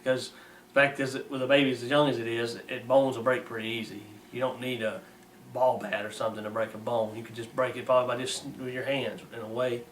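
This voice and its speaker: A man's voice: medium pitch, little pitch movement, quick pace, a bit bright. Indignant man mocking in a roomy recording. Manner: blunt, mocking, folksy grammar. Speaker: preacher. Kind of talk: indignant moral commentary, reading aloud. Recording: roomy, distant mic with faint hiss.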